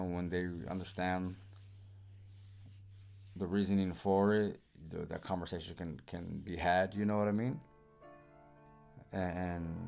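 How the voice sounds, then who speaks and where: A man co-hosts a live stream in relaxed, casual chat, speaking reflectively and dropping "you know" often. His voice is very low. Faint music plays behind him. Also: gravelly. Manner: laid-back, reflective, full of "you know".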